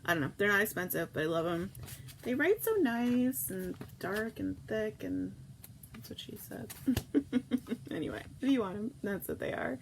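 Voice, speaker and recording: A woman hosts a relaxed morning livestream, rambling and effusive as she reads viewer comments aloud. Her mid-pitched voice has a gravelly fry. Faint noise sits under the recording. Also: normal speed, low-quality recording. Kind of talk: casual chat reading viewer comments.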